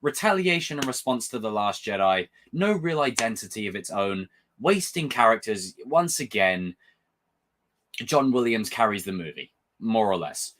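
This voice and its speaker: Brief: young man, fired-up profane reviewer, pitch swinging up and down. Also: normal speed. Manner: animated, rambling, passionate and profane. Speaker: film and TV reviewer. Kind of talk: casual review vlog.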